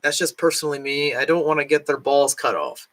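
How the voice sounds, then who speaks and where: A man's voice: on the high side, a little fast, fairly bright tone. A man vlogging casually at home with a rambling, filler-heavy way of talking, his voice still worn from recently losing it. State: recovering from lost voice, can't reach high notes. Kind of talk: casual chat. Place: home, cat nearby.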